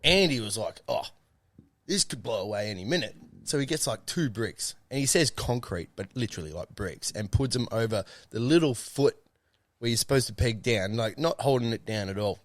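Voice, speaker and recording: A young man rambles through a story for his podcast mates, swearing freely and cutting himself off mid-thought. His voice sits at an ordinary pitch, and the recording is close and dry with no room sound. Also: animated, normal speed, no echo. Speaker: podcast co-host. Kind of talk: casual storytelling chat.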